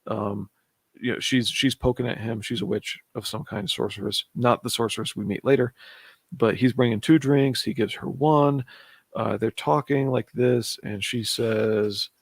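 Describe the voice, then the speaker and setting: A man with a gravelly, mid-pitched voice talks his way through a comic book, thinking aloud. He is chatty and hums and chuckles to himself as he goes. The sound is close and dry, with no room echo. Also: fairly even intonation, moderate pace. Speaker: comic reviewer streaming.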